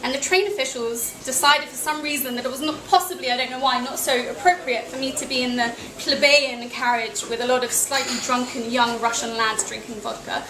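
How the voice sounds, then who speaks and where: A young British woman with a high voice tells a travel story to a live audience, wry and self-deprecating. She is heard in an echoey cafe room with a steady noisy hum behind her. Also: a little fast, few pauses. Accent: British English. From England.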